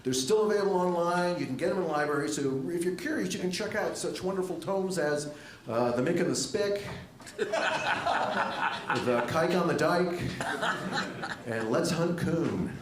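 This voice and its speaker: A middle-aged male stand-up comedian on stage at a comedy club, delivering jokes with a dry, wry deadpan through a handheld mic. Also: moderate pace, background noise. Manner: dry, wry deadpan with lively jumps in pitch. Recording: echoey club room with audience laughter.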